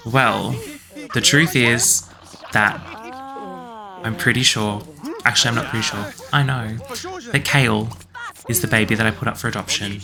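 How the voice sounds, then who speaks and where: A man's voice: fairly low pitch, steady tone, moderate pace, gravelly, pauses often, a crowd in the background. A young man chatting through a life-sim game, rambling and acting out what the characters say. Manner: chatty, rambling, quotes characters in a slightly raised voice. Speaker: let's play host. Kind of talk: casual commentary voicing game characters.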